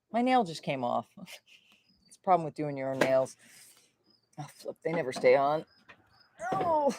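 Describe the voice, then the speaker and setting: A woman's voice: on the low side, noisy background. A woman from Florida hosting a casual livestream, rambling and chatty and swearing freely. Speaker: livestream host.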